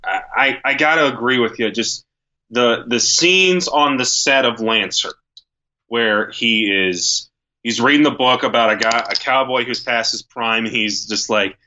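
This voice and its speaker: A man co-hosting a casual movie discussion, animated, often restarting words and acting out lines. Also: mid-range voice, a little slow, lo-fi sound. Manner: animated, acts out quotes, repeats words when starting.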